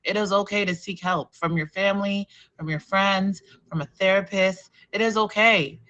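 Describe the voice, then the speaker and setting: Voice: mid-range voice, moderate pace, sharp tone, low-quality recording. A podcast host responding with earnest encouragement in casual chat, repeating points for emphasis.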